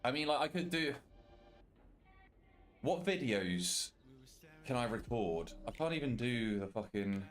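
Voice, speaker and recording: A man's voice: medium pitch, very animated, a little slow, long pauses. A young British man, a streamer reading and answering his chat in loose, casual talk and swearing freely. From Britain. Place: walk-in wardrobe at home.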